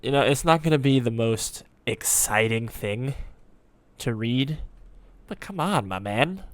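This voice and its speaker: A man chatting casually as he reacts to a video, thinking out loud with plenty of ums and half-finished thoughts. His voice sits at an ordinary middle pitch. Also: animated, measured pace. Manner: rambling, musing aloud with frequent ums.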